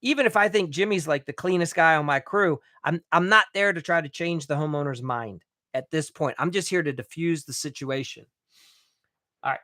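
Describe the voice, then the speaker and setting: A man runs a live training for remodelers, his voice bright and forward. He talks bluntly, swears now and then, and trips over restarts when he gets fired up. The recording is close and dry. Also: on the high side, normal speed, no echo. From United States. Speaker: remodeling business coach.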